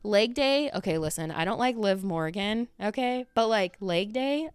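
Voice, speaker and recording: Woman podcast host, casual rambling talk, smooth lowish voice, dry close sound. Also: lively intonation, normal speed, no echo, soft background music. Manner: rambling, filler-heavy, swears casually. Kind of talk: casual solo chat. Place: at home.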